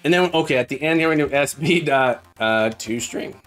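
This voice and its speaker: A man's voice: on the high side, normal speed, fairly bright tone, soft background music. A man live-streaming while he codes, chatting casually and thinking aloud as he debugs, with a self-mocking manner.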